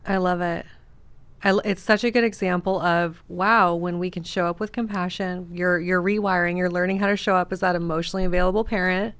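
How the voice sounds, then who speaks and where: A woman podcast host and coach in a casual conversation, speaking in a reflective, measured and affirming way. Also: lowish voice, fairly even intonation, a bit bright, clear, resonant tone, dry recording.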